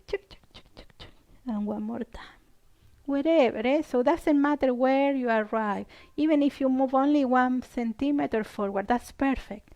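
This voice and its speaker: Woman over 50, unhurried, slightly high voice, gentle yoga cueing, soft whispers. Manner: gentle cueing with frequent "yeah?" checks, some whispered counts. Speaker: yoga instructor. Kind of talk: guided yoga class instruction.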